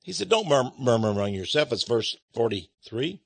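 A man's voice: medium pitch, big pitch swings, moderate pace, vocal fry, breathy edge, dry recording. A man preaching a sermon, reading scripture aloud and explaining it. He speaks emphatically, fires rhetorical questions at his listeners and chuckles between points.

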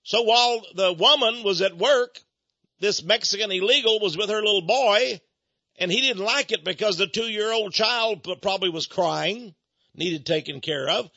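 A man hosting a radio talk show, giving indignant opinionated commentary that swings between hushed asides and loud outbursts. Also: high voice, moderate pace, no room sound, dull audio.

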